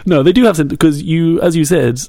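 A man's voice: fairly high pitch, a little fast, mellow, no echo, studio quality. A man co-hosting a podcast in casual chat, playful and reading his messages aloud in a mock-dramatic way. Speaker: podcast co-host.

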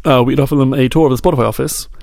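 Gravelly-voiced man, dry close sound. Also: mid-range voice, fairly even intonation, rapid-fire, a little mellow, no echo. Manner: playful, reads messages aloud in mock-dramatic tones. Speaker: podcast co-host. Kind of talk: casual chat.

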